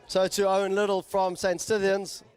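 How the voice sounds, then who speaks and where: A man calls a rowing regatta live, his voice sitting notably high. He works through the lanes steadily, naming each sculler and school as they pass. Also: moderate pace, clean tone. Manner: steady play-by-play calling out names and schools. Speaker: regatta commentator. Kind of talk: live sport commentary.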